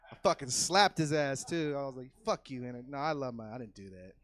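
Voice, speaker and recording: A man doing a loose, profane stand-up set on a comedy club stage, swinging from easy chatter into loud yelled bits. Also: medium pitch, animated, fairly quick. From California.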